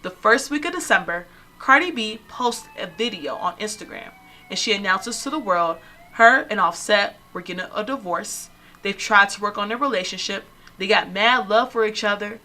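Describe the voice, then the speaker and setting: A young woman hosts a comedy podcast in a casual, sassy way, telling stories and handing out strong opinions. Her voice is bright and forceful, and she sits at an ordinary middle pitch. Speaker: podcast host.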